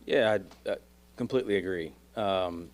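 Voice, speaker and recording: A man's voice: low-pitched, normal speed. A man with a Texan accent who coaches real estate agents, reflecting on his coaching on a podcast. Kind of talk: podcast conversation.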